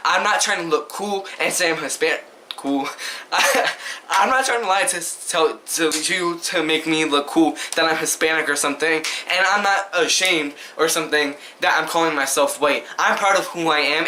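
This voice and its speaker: A man's voice: a little high, moderate pace, pushed and bright, slight background noise. A young man vlogging to camera, answering questions in a casual, emphatic and indignant way, often asking the viewer rhetorically.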